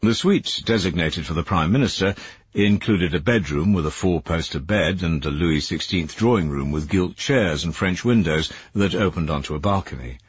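A man narrating an audiobook in a measured, expressive way. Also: deep voice, husky, no room sound, dull audio.

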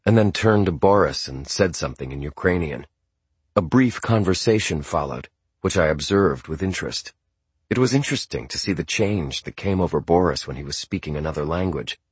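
A male audiobook narrator with a very deep, husky voice reads scripted narration in a measured, restrained manner. The recording is close and dry, with no room sound.

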